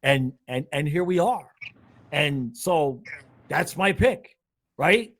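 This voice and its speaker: A man's voice: on the high side, expressive, takes it slowly, fairly bright tone. A man with a slightly raised voice hosts a casual sports chat over a video call. He rambles, laughs easily and pokes fun at his own show. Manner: laughing, rambling, self-mocking. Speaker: show host.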